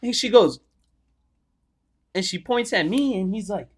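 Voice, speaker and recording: A young podcast co-host tells a casual, profane story, animatedly voicing the people in it. His voice sits high with a breathy edge, and he talks a little slowly.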